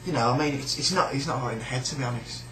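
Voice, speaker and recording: A man's voice: mid-range voice, rapid-fire, bright, forceful tone, roomy sound, faint music behind, low-quality recording. A man with a British accent ranting in a sneering, rambling, sweary way about a coworker. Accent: British English. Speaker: shop worker. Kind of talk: casual rant.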